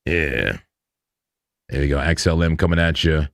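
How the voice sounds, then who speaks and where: A very deep, creaky, slightly bright voice speaks unhurriedly in a clean studio with no room sound. The man runs a live crypto trading stream, laughing often and chatting in slang as he covers the charts.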